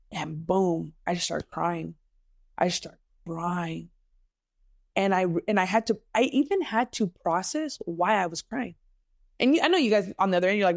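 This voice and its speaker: A woman's voice: mid-range voice, normal speed, gravelly, pauses often, no echo, clean studio sound. A woman hosting a podcast, telling a personal story in an emotional, candid way and mixing in Spanish phrases. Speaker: podcast host. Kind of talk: casual personal podcast monologue.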